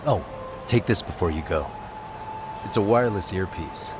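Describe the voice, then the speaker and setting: An actor playing an easygoing young male private detective in a video game, calm and reassuring with a wry edge. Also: low-pitched, moderate pace, noisy background.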